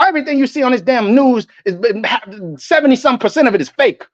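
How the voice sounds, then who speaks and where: Man with a high-pitched voice ranting like a street preacher, heated and profane, on a muffled, dry recording. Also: animated, fast talker, no echo. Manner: angry, profane, preachy, quotes scripture. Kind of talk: ranting religious monologue.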